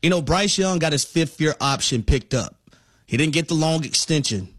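A man co-hosts a sports talk radio show, giving his takes in a measured, analytical way. His voice sits fairly high, and the studio sound is dry and close. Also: lively intonation, a bit bright, dry recording. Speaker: radio co-host.

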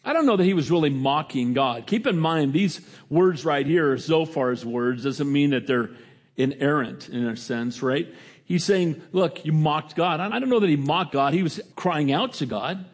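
A middle-aged man preaching a sermon in a conversational way, rising to emphatic lines and dropping to quiet reflection. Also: a little high, expressive, moderate pace. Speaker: pastor.

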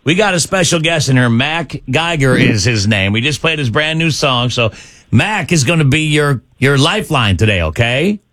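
A man's voice: medium pitch, expressive, fairly bright tone, no room sound. Joking male radio host, dry studio sound. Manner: quick, joking, hypes up the caller. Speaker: radio morning show host. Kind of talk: upbeat radio game banter.

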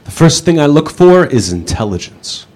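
A man's voice: a little high, very animated, moderate pace, darkish tone. A man telling dry one-liner jokes at a comedy club, with a plain setup-and-punchline delivery. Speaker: stand-up comedian.

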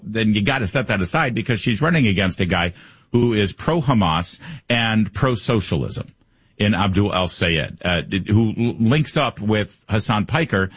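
A man's voice: on the low side, husky, dry recording. A man hosting a political talk show, giving opinionated commentary in a conversational way and reading ads. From Michigan. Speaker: radio talk show host.

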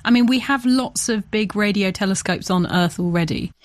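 A woman's voice: mid-range voice, normal speed, no room sound. Playful chatty woman hosting. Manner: playful, chatty, laughs often. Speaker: podcast host. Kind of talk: casual science chat.

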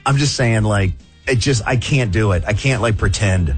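A man's voice: on the low side, moderate pace, faint music behind. A man hosting a morning radio call-in show, joking and rambling with callers. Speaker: radio host.

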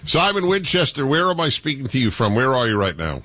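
A man's voice: medium pitch, sing-song, brisk, pushed and bright. A man hosting a radio talk show, effusive and jokey, sometimes talking over his guest. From United States.

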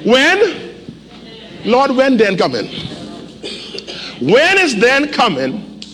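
Animated high-voiced male preacher in hall. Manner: animated, preachy call-and-response, sudden shouts. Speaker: pastor. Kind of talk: sermon. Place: church. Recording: echoey hall, faint ambience.

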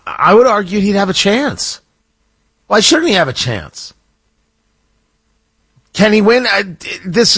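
Talk radio host, man, lively swooping delivery, sarcastic asides. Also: high-pitched, husky. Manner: sarcastic, animated, rambling asides. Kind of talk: opinionated talk radio commentary. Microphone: studio microphone.

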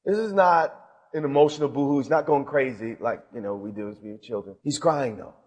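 Dramatic preacher in a reverberant hall. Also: male voice, mid-range voice, a little fast. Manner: dramatic, swings between loud and hushed. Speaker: bishop and preacher. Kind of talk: sermon. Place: large hall with audience. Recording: live sermon in a reverberant hall.

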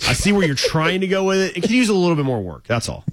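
A man's voice: sits high, big pitch swings, fast talker. A man co-hosting a podcast with dry, teasing banter in casual chat. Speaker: podcast co-host.

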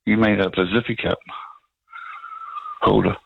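A raspy man, phoning in to a talkback radio show and talking haltingly with many restarts. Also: on the low side, little pitch movement, a little hiss or hum. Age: 60s. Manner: halting, restarts often, rambling. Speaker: caller. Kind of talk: talkback phone call. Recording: muffled phone line.

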